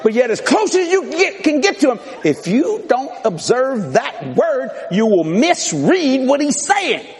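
Folksy male preacher, animated and laughing through his stories; a lively, swooping delivery, with a faint audience behind him. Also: extremely high pitch, a little slow, a faint crowd. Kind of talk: humorous storytelling sermon. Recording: reverberant hall with live audience.

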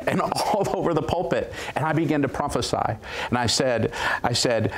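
A male guest preacher telling a story of his ministry with animated, dramatic retelling and quoted voices. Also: medium pitch, moderate pace, a little hiss or hum. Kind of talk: storytelling testimony.

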